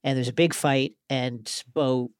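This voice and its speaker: A man's voice: medium pitch, fairly even intonation, unhurried, smooth, no echo. A man co-hosting a podcast, retelling an episode scene by scene with playful asides. His voice sits in a middle register. The sound is dry and close, with no room around it. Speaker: podcast co-host. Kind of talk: casual recap chat.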